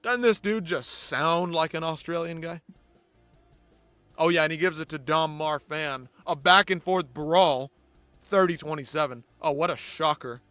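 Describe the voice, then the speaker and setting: A man's voice: a little high, measured pace, sharp tone, clean tone, no echo, soft background music. Profane, ranting male fight-show host. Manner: blunt, profane, exasperated ranting. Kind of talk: live post-fight commentary.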